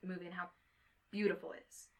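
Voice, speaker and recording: A woman's voice: fairly low pitch, level tone, quick pace, a bit bright. A woman co-hosting a podcast, casually retelling a film's plot and laughing often. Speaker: podcast co-host. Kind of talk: casual movie discussion.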